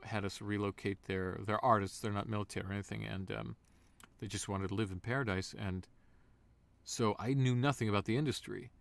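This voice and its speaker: A man guest voice actor in a casual interview, an animated storyteller. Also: on the low side, brisk, vocal fry, dry recording.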